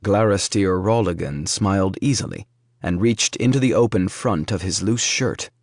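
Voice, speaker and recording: Male audiobook narrator; low-pitched, measured, dry studio read. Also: a little mellow, no echo. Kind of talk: scripted fantasy narration.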